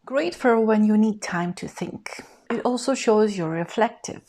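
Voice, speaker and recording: A woman teaches a scripted English lesson in a clear, even instructional manner, modeling example phrases for the learner. She speaks at a medium pitch and a measured pace.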